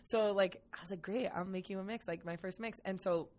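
A young adult woman, a podcast guest and comedic performer, chatting casually, animated, self-mocking and swearing freely. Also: medium pitch, fairly quick. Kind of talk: casual chat.

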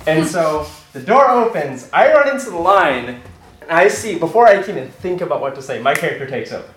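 Excitable young man telling a story. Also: a little high, a little fast, echoey room, poor audio. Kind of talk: live personal storytelling.

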